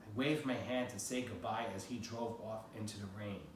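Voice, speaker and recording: In a very echoey room, an American man with a lowish, steady voice reads his memoir aloud at normal speed. The delivery is plain and first-person, and he sounds distant amid faint noise.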